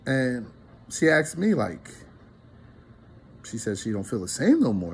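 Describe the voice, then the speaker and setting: A man's voice: medium pitch, wildly swooping pitch, measured pace, pauses often, darkish tone, slight background noise. A man casually telling a story to his viewers, rambling and earnest, with many restarts. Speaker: relationship vlogger.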